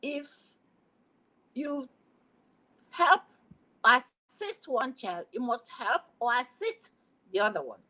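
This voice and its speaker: An older woman, an educator, explaining her views slowly and deliberately, with emphatic phrasing. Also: on the high side, sing-song, sharp tone, rough recording. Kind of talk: measured explanation.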